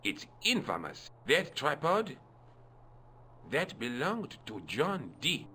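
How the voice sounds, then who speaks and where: An actor playing a fussy, self-important museum guard in a game. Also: male voice, on the high side, wildly swooping pitch, slow, slight background noise, heavily acted. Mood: pompous. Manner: pompous, affected, self-important. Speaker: game character. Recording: game audio with soft music.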